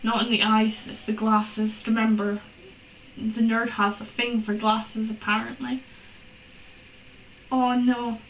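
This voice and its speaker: Sarcastic woman, fairly high voice, reading and roasting a story in a roomy, off-mic recording. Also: little pitch movement, a little slow, highs cut off. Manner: exasperated, sarcastic, swears and laughs. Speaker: fanfiction reader. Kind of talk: comedic dramatic reading with commentary. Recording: roomy room, distant from mic, faint hiss.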